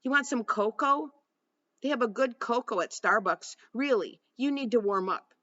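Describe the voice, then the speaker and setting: A woman reading the lines of a blind teenage girl who talks in a chatty, matter-of-fact, gently bossy way, in a dull lo-fi recording. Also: a little high, moderate pace, voice pushed up. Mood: caring.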